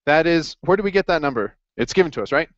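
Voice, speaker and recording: A man's voice: a little high, expressive, fast, fairly bright tone, muffled recording. A man running a casual accounting review session, upbeat and jokey as he encourages his students. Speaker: accounting tutor.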